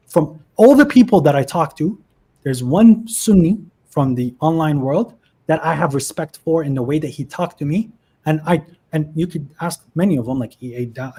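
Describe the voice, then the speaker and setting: A man's voice: on the high side, warm tone, husky. A man in his twenties on a video call, telling his story earnestly and with emotion in a casual livestream chat. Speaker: guest.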